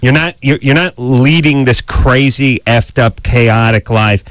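A man hosting a call-in radio show, brash and mocking, breaking into loud put-on voices. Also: mid-range voice, unhurried, no echo. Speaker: radio host.

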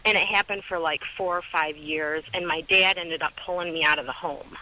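A woman in her twenties calling a radio show by phone from her car, speaking in a halting, hesitant way. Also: low-pitched, steady tone, pushed and bright, rough recording. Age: 20s. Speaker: caller. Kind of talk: radio call-in. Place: in a car on a foggy road. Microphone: phone call.

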